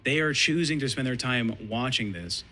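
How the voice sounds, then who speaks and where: A man's voice: mid-range voice, expressive, normal speed, pushed and bright. A man on a live stream, arguing bluntly and lecturing insistently. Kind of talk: heated debate on a live stream.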